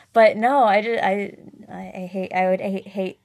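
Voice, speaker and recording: A woman's voice: medium pitch, slow, creaky. A young woman co-hosting a casual chat, chiming in and sharing her own story. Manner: lively, reacts and chimes in, laughs. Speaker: podcast co-host.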